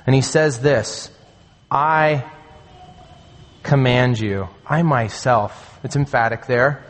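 Male pastor, mid-pitch, earnest emphatic sermon delivery, long hall reverb. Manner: earnest, emphatic preaching with slow stressed phrases.

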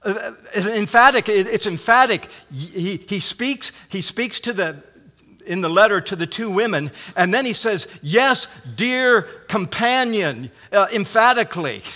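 A man's voice: high-pitched, moderate pace, pushed and bright. A man preaching a sermon, emphatic, repeating phrases and restarting often. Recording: long hall reverb.

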